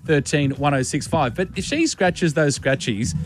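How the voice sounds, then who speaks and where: A man's voice: a little high, expressive, normal speed, faint music behind. An Australian man co-hosting a radio show, playful and joking in casual banter. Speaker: radio co-host. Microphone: studio microphone.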